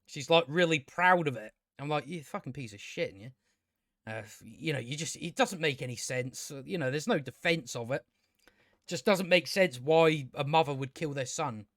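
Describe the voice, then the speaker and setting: A man's voice: a little high, moderate pace, a bit bright, dry recording, studio quality. A man giving a casual spoken TV review, ranting sarcastically with lots of swearing and filler words. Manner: sarcastic, sweary, rambling rant with many fillers. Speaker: TV show reviewer.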